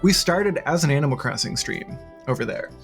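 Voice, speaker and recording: A woman streamer chatting casually with her live chat, bubbly and quick to laugh, on a desk mic. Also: deep voice, expressive, faint music behind.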